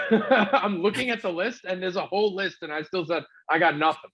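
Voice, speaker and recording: A New man hosting a comedy podcast while sick with covid, his voice husky and fairly high. He rambles through a story with plenty of swearing. The recording sounds dull and lo-fi. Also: moderate pace. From New York City. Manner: rambling, profane, animated storyteller. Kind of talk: casual storytelling chat.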